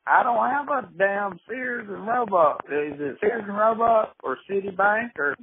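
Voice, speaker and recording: Prank-call bit: man playing an irate Southern caller from Mississippi, blustering and stubborn, slightly high voice, phone-line sound. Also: measured pace, vocal fry. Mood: indignant. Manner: blustering, cussing, rambling. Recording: tinny phone line with faint hiss.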